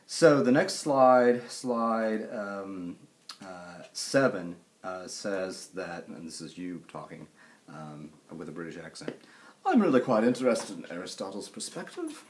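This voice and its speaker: Low-voiced rambling male lecturer. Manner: rambling, halting, with many fillers and restarts; casual and joking with students. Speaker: college lecturer. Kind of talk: classroom lecture. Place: classroom.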